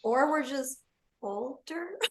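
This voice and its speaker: Woman, forties, from California, chatty guest, laughs a lot, slightly high voice. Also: lively intonation, slow pace. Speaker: podcast guest. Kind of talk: casual chat.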